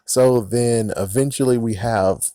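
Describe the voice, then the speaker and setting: A man's voice: medium pitch, a little slow, mellow, dry recording. A man casually recapping and reviewing a TV episode, sarcastic and profane, often breaking into laughs.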